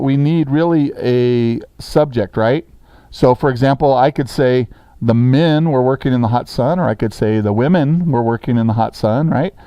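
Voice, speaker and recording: A man's voice: mid-range voice, warm tone, clean tone, no room sound. A man teaching a sixth grade grammar lesson in a classroom, talking casually and checking in with the students often.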